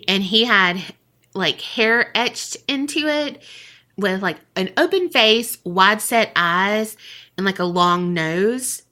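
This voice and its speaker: Slow, bright-voiced woman storyteller. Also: mid-range voice. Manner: casual, profane, laughs often. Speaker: podcast co-host. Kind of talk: casual storytelling chat.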